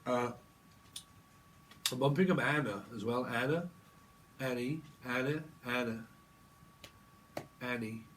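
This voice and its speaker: A man talks through a tarot reading off the cuff, in a medium-pitched voice. He rambles and jokes, slipping into little acted-out conversations. A faint noise sits behind him. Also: slow pace, pauses often, a bit bright. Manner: rambling, joking, acting out imagined dialogue in voices; frequent fillers and laughter. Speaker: tarot reader.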